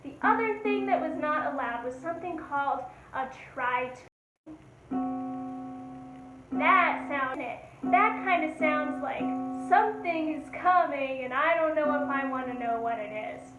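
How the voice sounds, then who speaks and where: A woman's voice: high-pitched, expressive, a little slow, lo-fi sound. A woman leading a children's music lesson, upbeat and encouraging, chanting and singing along. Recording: echoey room with instrument. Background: instrument played.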